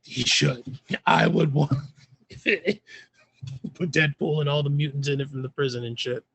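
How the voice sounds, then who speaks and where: A man talking movies with a friend, his voice sitting a little high for a guy. He gets animated and acts out scenes in put-on voices, swearing as he goes. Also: moderate pace, gravelly, husky, dry recording, low-quality recording. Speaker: podcast co-host. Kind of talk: casual chat.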